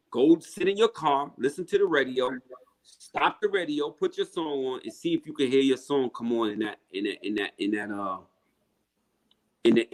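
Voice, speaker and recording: A man, telling stories in a casual interview, blunt and animated. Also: mid-range voice. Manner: blunt, profane, animated storyteller. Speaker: rapper guest.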